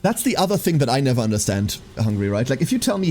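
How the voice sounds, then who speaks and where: A man's voice: mid-range voice, sing-song, fast, darkish tone, faint music behind. A man chatting casually on a live stream while playing a game, swearing freely and laughing often.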